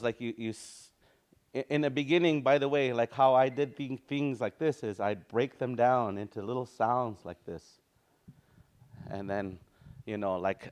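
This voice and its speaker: A man teaching a small language class in a classroom, talking loosely and chuckling, singing out words as he explains them. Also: medium pitch. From Canada.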